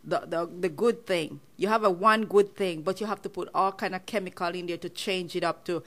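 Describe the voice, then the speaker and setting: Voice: medium pitch, brisk, a bit bright. A co-host chatting casually on a podcast, earnest and repeating points while explaining.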